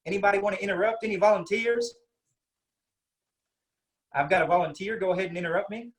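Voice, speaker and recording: A man's voice: sits high, fast, pitched above the performer's own voice, natural voice. A man voicing Cletus, a friendly, rambling male Texan cousin with a Texas accent who stammers and keeps coaxing people to interrupt him, heard over a video call. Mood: chummy.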